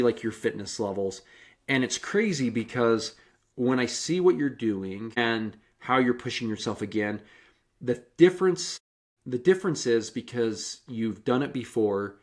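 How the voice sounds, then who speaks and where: A man hosting a podcast interview and coaching, talking in a rambling, encouraging way with many restarts. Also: mid-range voice. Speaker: podcast host and running coach. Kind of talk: casual interview chat.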